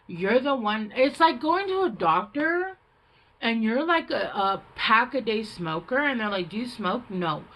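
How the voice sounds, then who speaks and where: In a sing-song, fairly high and slightly bright voice, this tarot reader speaks at a measured pace. She gives a casual reading, blunt and full of swearing, fillers and rambling tangents. The recording quality is low.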